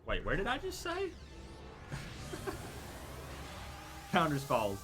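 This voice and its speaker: A man's voice: fairly high pitch, fairly quick, music in the background. A man streaming a video game, chatting casually and animatedly with his viewers. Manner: chatty, animated, talks to chat directly. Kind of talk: casual gameplay chat with viewers.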